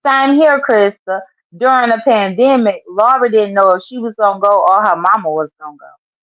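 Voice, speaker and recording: A woman's voice: medium pitch, normal speed, no room sound, muffled recording. A woman guest on a livestream chat, heated and outspoken, swearing freely.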